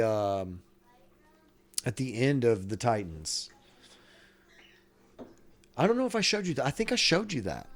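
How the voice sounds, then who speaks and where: A man hosting a podcast in casual chat, rambling and swearing freely. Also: medium pitch. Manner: rambling, profane, many restarts. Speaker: podcast host.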